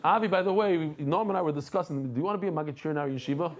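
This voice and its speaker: A middle-aged man giving a daily Talmud lesson, animated and jokey, mixing in Hebrew and Yiddish terms. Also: on the high side, very fast, a crowd in the background. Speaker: Talmud teacher.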